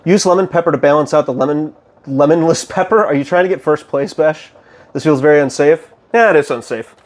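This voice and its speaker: A young man casually chatting with his stream chat while cooking, excitable, goofy and loud. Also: fairly high pitch, brisk.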